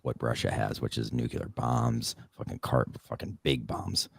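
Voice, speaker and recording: Very deep gravelly man arguing bluntly. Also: normal speed. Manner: blunt, swears often, dismissive. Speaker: podcast co-host. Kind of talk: heated casual debate.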